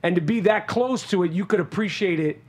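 A man with a notably high speaking voice talks in a loose, profane, rambling way. He trips over his words and restarts often, piling up fillers as he goes. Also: fairly quick. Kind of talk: casual podcast chat.

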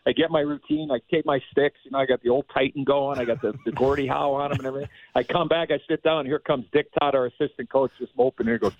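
A man, a former hockey player, telling a rambling, animated story in casual chat, laughing often. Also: mid-range voice, fast talker, hardly any pauses, phone-quality sound, slight background noise.

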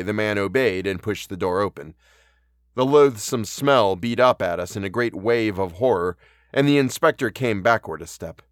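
A man's voice: medium pitch, no echo, clean studio sound. Man hosting and narrating a horror tale. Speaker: podcast host and audiobook narrator. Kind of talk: podcast intro and reading of a horror story.

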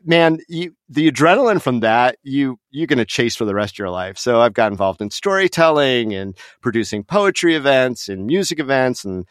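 A man's voice: medium pitch, lively intonation, normal speed, hardly any pauses, dry recording, clean studio sound. A middle-aged man from Las Vegas, a podcast guest telling an anecdote in casual chat, laughing often and acting out the voices of others. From Las Vegas, USA.

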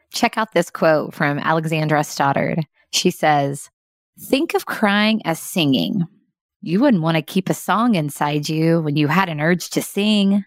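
A middle-aged woman with a lowish voice delivers a daily encouragement podcast. She is heartfelt and reflective, laughing softly and slowing down to dwell on lines she loves. The recording is close and completely dry. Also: no room sound. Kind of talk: warm reflective monologue, partly read.

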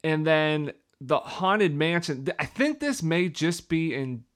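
A man's voice: fairly high pitch, lively intonation, takes it slowly, a bit bright. A man from the northeastern United States, co-hosting a casual podcast and asking follow-up questions. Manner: conversational, asks follow-up questions. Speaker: podcast co-host. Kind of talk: casual chat.

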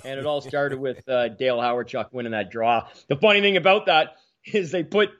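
A man around sixty hosts a casual sports talk show, spinning hockey stories with animated energy and frequent repeated words. His voice sits at a middle pitch. The recording is slightly dull and lo-fi. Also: a little fast. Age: about 60.

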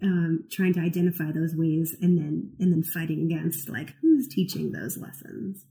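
A woman's voice: low voice, moderate pace, vocal fry, warm tone, rough recording. A woman who counsels clients, co-hosting a casual chat and explaining ideas animatedly, with many "like"s and "you know"s. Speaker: therapist and podcast co-host.

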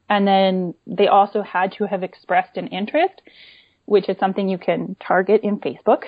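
A woman who owns a small online shop is the guest in a casual interview, explaining things easily and often adding "right?" and "you know" to her points. Her voice sits in the mid range. The remote audio is dull, lo-fi and completely dry, with no echo.

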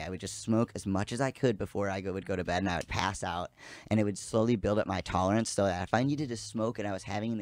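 A man in his thirties, a podcast guest, telling a rambling, animated story in casual chat and swearing freely. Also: fairly low pitch, no echo.

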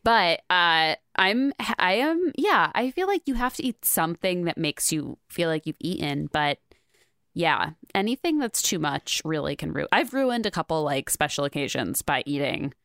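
A woman co-hosting a podcast, talking in an animated, rambling way with lots of "like". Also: fairly low pitch, normal speed, smooth, no echo, studio quality. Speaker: podcast co-host. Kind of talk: casual podcast chat.

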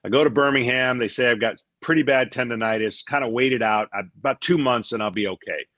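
Middle-aged guy spinning a long story, lively, restarts a lot, dry close sound. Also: medium pitch, quick pace, no echo, lo-fi sound. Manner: animated storyteller, acts out quotes, repeats words. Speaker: guest, former pitcher. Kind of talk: casual storytelling interview.

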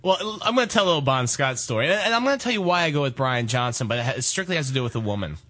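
A man's voice: medium pitch, very fast. A man telling a long, jokey anecdote on a radio show, acting out the lines of the people in it. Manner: animated, jokey, acts out quotes. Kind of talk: anecdotal storytelling.

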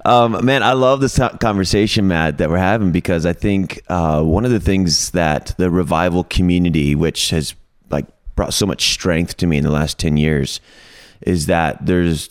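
A very low, deep male voice from Detroit, speaking as an energetic podcast guest. The sound is dry and close, with no room echo. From Detroit, USA. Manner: energetic, playful, reflective. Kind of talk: casual interview.

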